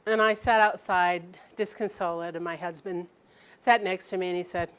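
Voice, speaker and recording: Brief: middle-aged woman storyteller, lively and laughing, voicing family members' lines. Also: fairly low pitch, moderate pace, clear, resonant tone. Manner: animated, laughing, quoting her mother in lively bursts. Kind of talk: personal storytelling to an audience.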